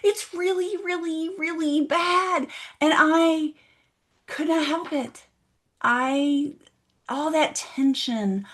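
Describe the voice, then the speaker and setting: A woman delivers a motivational keynote to an online audience following in the chat, sharing a story and asking them direct questions. Her voice sits high and is a bit bright, and her pace is slow.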